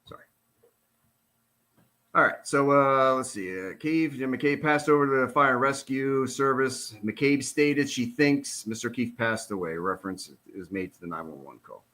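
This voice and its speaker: A man's voice: mid-range voice, sharp tone. A middle-aged man, a retired police officer, gives casual commentary on a released document. He talks in an exasperated, sarcastic, rambling way.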